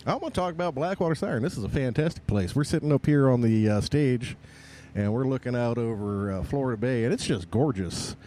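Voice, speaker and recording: A man's voice: medium pitch, lively intonation, a little fast, dark tone. A male musician co-hosting a podcast, chatting easily with dry quips from an outdoor bar stage by the bay. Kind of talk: casual chat.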